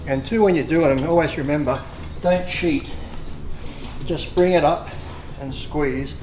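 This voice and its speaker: A man's voice: a little high, measured pace, darkish tone, soft background music. A man with an Australian accent, a bodybuilder giving blunt, plain training tips in a clip. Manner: plain, blunt gym talk. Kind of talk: casual training instruction. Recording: roomy echo from video clip.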